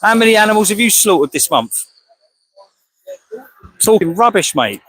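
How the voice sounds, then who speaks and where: This English man's voice is high-pitched, sing-song and fairly bright, moving at a moderate pace. As an animal rights activist outdoors at a slaughterhouse, he launches a heated, confrontational monologue, combative and rhetorical, peppered with questions and "mate." The rough recording has a little hiss or hum.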